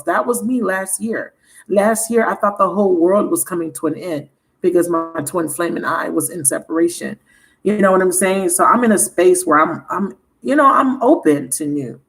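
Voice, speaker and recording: A woman's voice: on the low side, moderate pace, poor audio. A woman hosting a tarot livestream, talking frankly and animatedly, swearing freely and laughing often. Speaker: tarot reader and channel host. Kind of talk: candid livestream chat.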